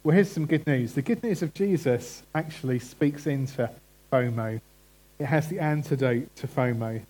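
A man's voice: medium pitch, normal speed, mellow, low-quality recording. A man preaching a conversational sermon and putting questions to the congregation. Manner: chatty, asks the congregation questions.

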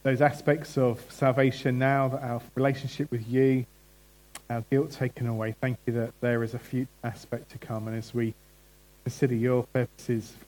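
A man's voice: medium pitch, flat delivery, moderate pace, a little mellow, low-quality recording. A man preaching a conversational sermon and putting questions to the congregation. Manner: chatty, asks the congregation questions.

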